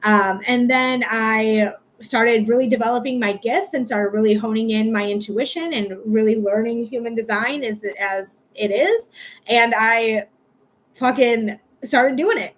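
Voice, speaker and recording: A young adult woman hosting a live psychic reading stream, chatting casually, swearing now and then and pitching her readings upbeat. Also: normal speed. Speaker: livestream psychic reader. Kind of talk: casual livestream chat.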